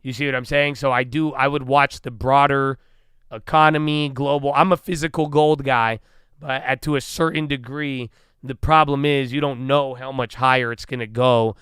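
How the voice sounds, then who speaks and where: Bright, crisp-voiced man on a livestream. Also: mid-range voice, moderate pace, no room sound, clean studio sound. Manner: animated, swearing, acts out his own inner dialogue. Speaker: livestream host. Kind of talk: casual livestream chat.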